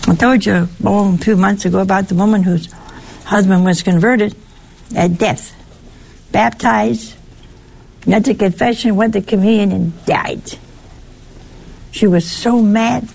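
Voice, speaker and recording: A woman, older, preaching a sermon with lively, teasing rhetorical questions. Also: medium pitch, measured pace, gravelly, pauses often.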